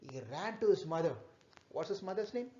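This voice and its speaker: A man's voice: high-pitched, expressive, dark tone, slight background noise. Man telling scripture stories to children. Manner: halting, repetitive storytelling with fillers, asks the children questions. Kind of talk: storytelling class for children. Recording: echoey, dull room recording.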